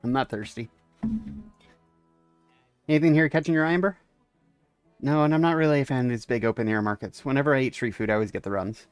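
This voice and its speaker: A man's voice: medium pitch, fast, pauses often, smooth, dry recording, soft background music. A man who streams games, giving casual let's-play commentary and reading the dialogue aloud with wry asides. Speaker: game streamer.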